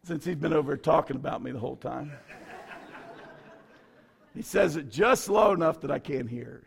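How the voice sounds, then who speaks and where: A man's voice: a little high, moderate pace, creaky, a little hiss or hum. A middle-aged man, a pastor, preaching a sermon with folksy stories and bursts of fervor.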